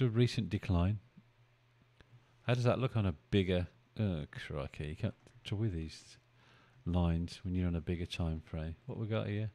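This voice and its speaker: A man's voice: sits low, normal speed, dark tone. A man hosting a live stream, chatting casually, thinking aloud and bantering with his viewers as he goes. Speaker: live-stream trading host.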